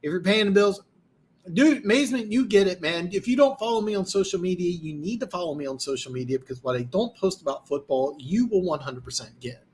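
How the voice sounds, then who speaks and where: A man's voice: high-pitched, lively intonation, a little fast. A man hosting a live football stream, tired and losing his voice, rambling boastfully with many restarts. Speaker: host. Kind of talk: live-stream football talk, reading comments.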